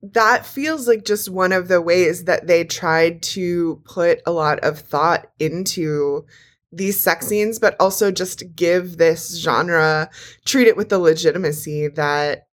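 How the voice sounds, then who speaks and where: A woman co-host speaking in deliberate, thoughtful phrases on a casual podcast. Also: on the low side.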